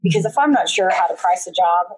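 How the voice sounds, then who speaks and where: Casting: woman, husky voice, chatty guest storyteller on a video call. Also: lowish voice, lively intonation, quick pace, poor audio. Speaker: guest, painting business owner. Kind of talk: casual conversational interview. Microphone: remote video call.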